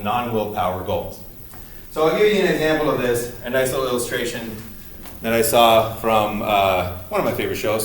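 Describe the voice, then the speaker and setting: A man talks through a college psychology lecture in a loose, chatty way, full of fillers. The sound is very roomy and echoing, with the voice set back from the mic and a faint hiss behind it. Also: mid-range voice. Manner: casual, many fillers, recounts scenes with quoted lines. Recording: roomy echo, voice from a distance, faint noise.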